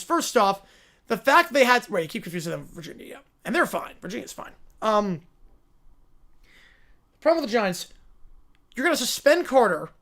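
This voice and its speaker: Man with gravelly vocal fry. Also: extremely high pitch, a bit bright. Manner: quick, offhand, opinionated. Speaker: livestream host. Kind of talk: casual livestream chat.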